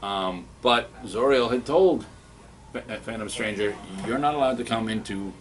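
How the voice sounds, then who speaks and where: A man giving a casual spoken review of comics, excitable and rambling, with many restarts. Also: on the low side, normal speed.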